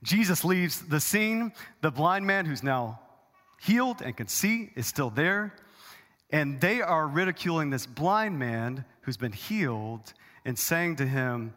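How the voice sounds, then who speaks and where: A male pastor delivers an impassioned sermon in a church auditorium, his fairly high voice climbing for emphasis. The long reverb of the hall trails after each phrase. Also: big pitch swings, unhurried. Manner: dramatic preacher, swings loud and high for emphasis.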